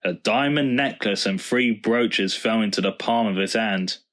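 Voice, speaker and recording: A man narrating a children's storybook in a calm, even way. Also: fairly low pitch, measured pace. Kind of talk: storybook reading.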